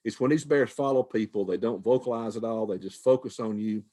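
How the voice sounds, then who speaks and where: A man's voice: fairly low pitch, brisk, dark tone. An older man, a retired wildlife manager, answering questions in a folksy, conversational way with frequent restarts. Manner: folksy, repeats words, restarts phrases.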